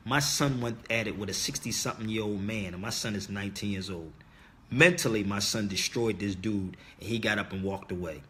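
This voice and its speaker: A man's voice: lowish voice, fairly bright tone, a little hiss or hum. A middle-aged man hosting a livestream, talking straight to his viewers in an emphatic, insistent way and repeating his key words like a sermon. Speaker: livestream host. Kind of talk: casual preaching monologue to viewers.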